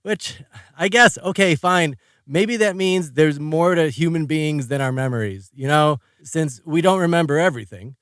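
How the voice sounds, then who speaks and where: Male audiobook narrator, first person, wry and conversational, slightly high, dry close recording. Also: normal speed, fairly bright tone, clean tone, no room sound. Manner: wry, rambling, conversational storytelling.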